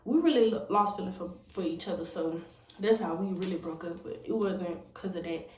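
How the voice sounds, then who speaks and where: A woman's voice: on the low side, fairly quick, darkish tone. Brief: young female vlogger, casual and rambling, recorded in an echoey room with a faint hiss. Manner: rambling, lots of "like" and "you know". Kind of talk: storytime vlog.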